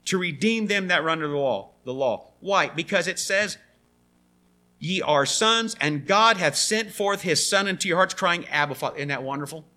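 A man preaching a sermon in an animated way, acting out the quoted voices. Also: on the high side, normal speed.

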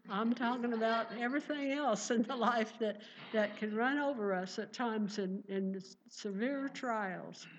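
A woman's voice: medium pitch, slight background noise. A woman preaching a sermon with fervent conviction and repeated exclamations of praise. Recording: dull lo-fi recording.

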